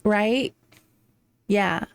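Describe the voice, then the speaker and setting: A woman's voice: mid-range voice, very slow, dry recording. A young woman streaming live, chatting casually and affectionately with viewers, giggling and slipping into playful baby talk between tarot readings.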